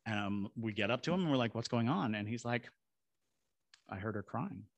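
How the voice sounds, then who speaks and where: Lively, animated male storyteller. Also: mid-range voice, fast talker, no echo. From Savannah, Georgia. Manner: lively storyteller who acts out voices and sound effects. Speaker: guest, paranormal investigator and ghost tour guide. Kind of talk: animated storytelling in a podcast interview.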